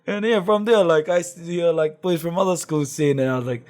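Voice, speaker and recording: A man's voice: on the high side, a little fast, hardly any pauses, darkish tone. A young man with a New Zealand accent, chatting casually as a guest with lots of slang and laughter. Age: young adult. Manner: laid-back, laughing, lots of slang and fillers. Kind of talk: casual chat.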